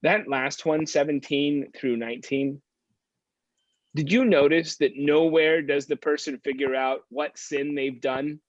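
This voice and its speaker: A man's voice: on the high side, a little slow, no echo, lo-fi sound. A man, a pastor, teaching a Bible study in a conversational storytelling way.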